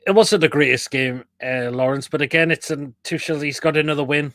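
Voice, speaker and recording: A man's voice: fairly high pitch, a little fast, a bit bright, dry recording, studio quality. A man hosting a casual live football chat online, reading out viewer comments and swearing freely. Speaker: host.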